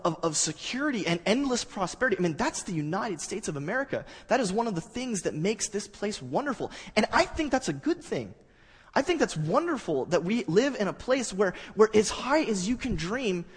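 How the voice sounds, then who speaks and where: A man giving a sermon in a conversational, halting way that builds to animated stretches. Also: sits high, husky, big-room sound. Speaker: pastor.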